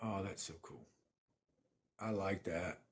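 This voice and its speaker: A man's voice: low-pitched, takes it slowly, slightly rough. A man, chatting casually on a phone livestream from his apartment and thanking viewers by name. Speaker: livestream host.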